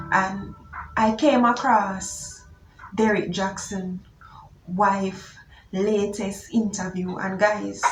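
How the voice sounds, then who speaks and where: A woman vlogger talking in a casual, chatty way, often filling with "you know" and "guys". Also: mid-range voice. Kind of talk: casual chat. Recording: echoey room with loud music.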